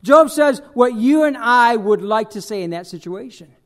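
A man's voice: very high voice, animated, normal speed, fairly bright tone. A man preaching an expository sermon, reading scripture and acting out speakers' words with heavy emphasis, with frequent "uh" fillers and repeated words. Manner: emphatic, dramatizes scripture in character voices, many "uh" fillers and repeats.

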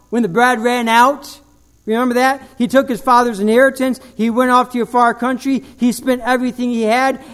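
A man preaching a sermon as pastor, telling an animated story and dropping to a slow, low voice for emphasis.

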